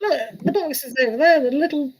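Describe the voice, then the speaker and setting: A woman's voice: sits high, lively intonation, a little fast, poor audio. A woman hosting a live tarot stream, chatty and self-mocking, laughing often as she talks. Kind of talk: casual live stream chat.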